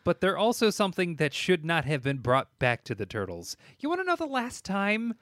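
A man's voice: high-pitched, normal speed, no echo, clean studio sound. Sarcastic, swearing man quipping. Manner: sarcastic, profane, animated quips. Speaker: podcast co-host. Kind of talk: casual chat.

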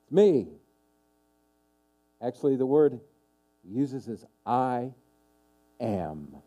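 A man's voice: mid-range voice, very animated, slow pace, mellow. A man preaching a sermon as pastor, emphatic and repeating his key questions for stress.

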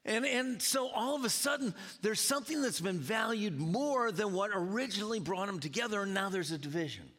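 A man's voice: high voice, a little fast, hardly any pauses. A man preaching a sermon to a congregation, chatting with the audience as he goes. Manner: lively, conversational preaching with audience banter. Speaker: pastor. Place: church sanctuary. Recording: long hall reverb.

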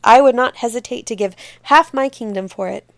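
A woman voicing a proud, brave young queen who gives sharp orders in a raised voice, in a storybook reading. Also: fairly high pitch, brisk, no echo, lightly acted. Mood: gracious.

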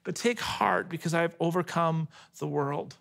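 A man in his thirties delivers a sermon in an earnest, personal way. His voice sits fairly high for a man. He moves between hushed, tender passages and emphatic, rising ones. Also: moderate pace, gravelly. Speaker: pastor.

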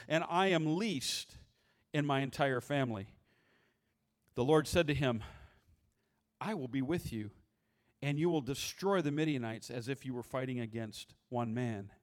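A man preaching a sermon in a conversational, humorous way, often restarting his words. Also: fairly high pitch. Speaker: pastor.

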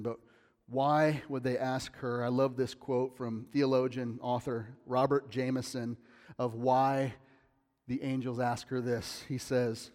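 A man's voice: mid-range voice, darkish tone, in a large hall. A male pastor preaching a sermon in a conversational style, with emphatic bursts.

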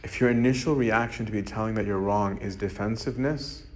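A man's voice: lowish voice, brisk, darkish tone. A man, a monk, giving an informal, conversational sermon and often checking in with "right?". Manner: conversational, keeps asking "right?". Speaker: monk preacher.

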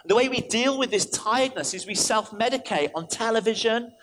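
A man, a vicar, preaching an animated sermon in church, telling stories and switching in and out of quoted voices. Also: very high-pitched, fairly quick, a little hiss or hum.

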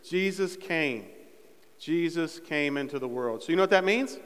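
A man's voice: a little high, animated, moderate pace, fairly bright tone, clear, resonant tone. A man preaching a sermon as pastor, talking casually with fillers and building to fervent emphasis. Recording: long reverb in a church hall.

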